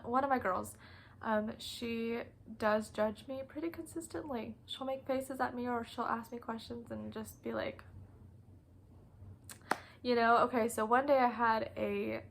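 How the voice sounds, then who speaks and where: A woman's voice: a little high, a little slow, creaky, fairly bright tone, a little hiss or hum, low-quality recording. A young woman who teaches preschool, casually telling classroom stories in a vlog, often laughing. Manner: chatty, laughs often, acts out kids' voices.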